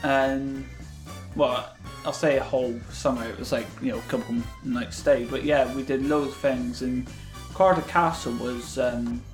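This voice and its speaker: A man's voice: mid-range voice, steady tone, measured pace, reverberant, soft background music, poor audio. A British man co-hosting a podcast, telling a holiday story loosely with lots of fillers. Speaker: podcast co-host. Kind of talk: casual chat, storytelling.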